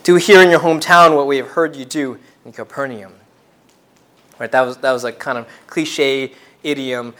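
A man preaching a sermon in an earnest way, often repeating and restarting words, swinging between loud and soft. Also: mid-range voice, fairly even intonation, normal speed.

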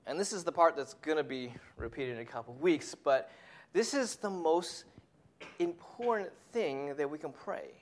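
A preacher giving a sermon who tells a family story and drops to a hushed whisper on key points. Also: medium pitch, lively intonation, moderate pace.

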